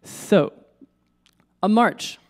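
A man's voice: drawn-out words, noisy background. A man giving an informal lecture on poetry, musing aloud with restarts and questions to his audience in a lecture room. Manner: casual, musing, many restarts and asides to the audience.

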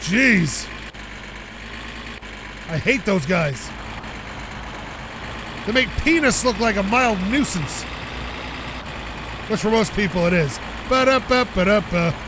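Excitable male game commentator with a high voice, engine rumble loud under him. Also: a little slow, pauses often. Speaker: let's play host. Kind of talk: casual gameplay commentary.

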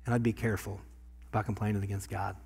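A pastor preaching a sermon in a church, talking conversationally and swinging from quiet asides to loud bursts. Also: male voice, fairly low pitch, level tone, quick pace, vocal fry, slightly rough. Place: church sanctuary.

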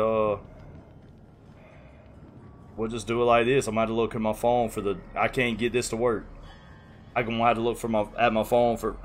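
A man chatting casually on a live stream, rambling, flustered and apologetic. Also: medium pitch.

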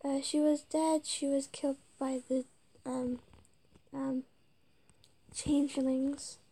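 A woman playing a video game, reading its text aloud haltingly and muttering whispered asides between stumbles. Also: high-pitched, flat delivery, dark tone. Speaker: let's-play gamer.

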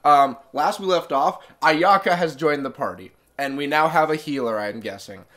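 A man's voice: on the high side, moderate pace, fairly bright tone. A man giving casual let's-play commentary, rambling and correcting himself as he goes. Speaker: gaming streamer.

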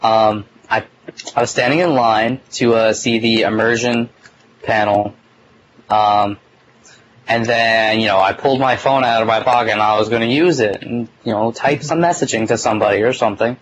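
A man's voice: lowish voice, steady tone, normal speed, slight background noise, rough recording. A young man hosting a casual talk show, telling a long story in a rambling way, full of "like" and some swearing, recorded on a phone. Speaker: podcast host.

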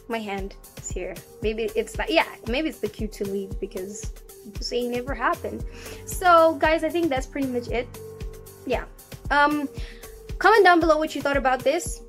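A young woman from South Africa with an accent mixing South African and American, chatting casually and rambling to her camera. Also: a little high. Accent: mixed South African and American. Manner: rambling, chatty, self-deprecating. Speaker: vlogger.

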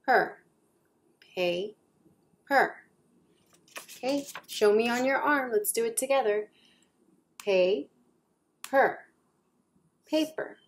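A woman teaching young children in a gentle, encouraging way. Her voice sits a little high and her pace is unhurried. She sounds out words syllable by syllable for the class to copy. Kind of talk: children's lesson.

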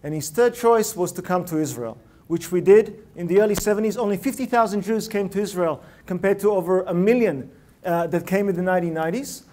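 A man with a noticeably high speaking voice delivers a TED-style talk from a lecture hall stage. He is animated and punchy, firing rhetorical questions at the live audience. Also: brisk. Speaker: public speaker.

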